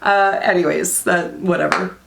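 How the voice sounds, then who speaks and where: A woman in her thirties talks through her makeup routine in a loose, candid vlog chat, with lots of "um" and "like". Her voice sits a little low and has a gravelly edge. The room around her sounds echoey. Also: steady tone, moderate pace, background noise. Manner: chatty, candid, frequent "um" and "like". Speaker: beauty vlogger. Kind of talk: casual chat while doing makeup.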